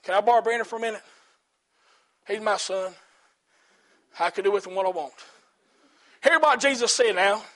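High-voiced preaching pastor. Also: male voice, normal speed, long pauses. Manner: rhythmic preaching with repeated phrases, rising to shouts. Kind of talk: sermon. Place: church.

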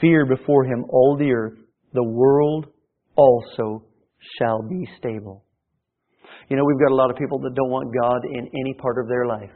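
A man's voice: mid-range voice, fairly even intonation, moderate pace. A man preaching a sermon as pastor, swelling in volume at times and often restarting his phrases. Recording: tinny phone-like sound.

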